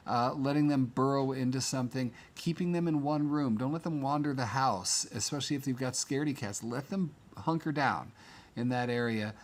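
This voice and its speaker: Chatty man hosting a live stream, rambling and casual, mid-pitched voice. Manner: chatty, rambling, many fillers. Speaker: livestream host.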